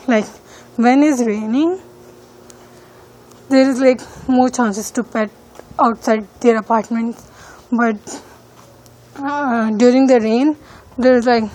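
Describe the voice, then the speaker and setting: A woman's voice: fairly high pitch, steady tone, takes it slowly, long pauses, a little mellow, poor audio. A female student speaking English as a second language, talking hesitantly with many fillers while walking outdoors around her neighborhood and filming on a phone. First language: not English. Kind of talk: casual walking-tour vlog.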